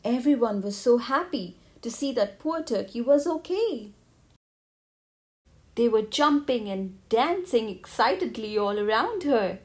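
Woman, children's book narrator, clear, even, slightly high voice. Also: a little slow. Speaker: storybook narrator. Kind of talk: children's read-aloud narration.

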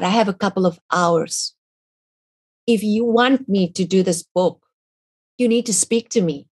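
Husky-voiced woman giving fervent testimony. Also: mid-range voice. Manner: fervent, earnest storytelling. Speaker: author and guest. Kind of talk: personal faith testimony.

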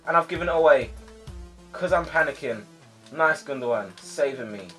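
Young man, gameplay commentary, excitable, yelling at players, faint game music behind. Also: on the high side, a little fast, husky. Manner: excitable, shouts at players, swings to frustrated sighs. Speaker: gaming YouTuber.

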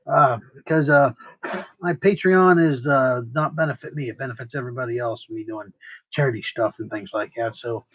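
A man's voice: medium pitch, a little fast, a bit bright, breathy edge, dull audio. A man livestreaming while he works on a craft project, tired, rambling and profane, mocking himself as he goes.

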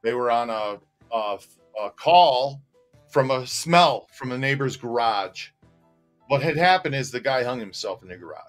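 A man co-hosting a casual livestream, telling stories with animated energy, often laughing and reading out viewer comments. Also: mid-range voice, measured pace, soft background music. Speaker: co-host. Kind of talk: casual livestream chat and storytelling.

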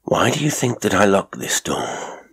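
A man playing a sinister middle-aged country gentleman who talks in a soft, coaxing manner. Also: sits low, sing-song, unhurried, vocal fry, slightly rough, heavily acted. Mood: probing. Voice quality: soft, oily and coaxing, turning menacing.

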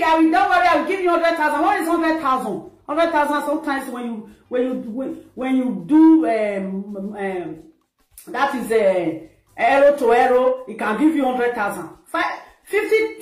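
A Nigerian woman giving a scolding, mocking social media rant that slips into pidgin. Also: high-pitched. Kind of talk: ranting commentary. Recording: echoey room with faint music.

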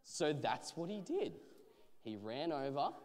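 Animated man telling a children's Bible story. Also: fairly high pitch. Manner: expressive, drawn-out phrasing. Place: church stage. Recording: church hall reverb.

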